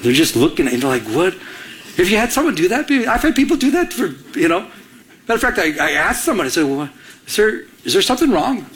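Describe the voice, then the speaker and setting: A man's voice: sits high, fast talker, slight background noise. A man preaching a sermon, telling a personal story and acting out the dialogue in it. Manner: animated storyteller, acts out quoted dialogue. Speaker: pastor.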